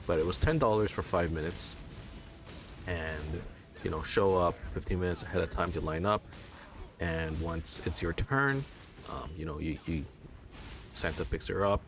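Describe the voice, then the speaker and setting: A man's voice: deep voice, a little hiss or hum. A man in his thirties from China, chatting casually and telling a rambling story with lots of fillers and restarts. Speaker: let's play gamer. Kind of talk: casual chat.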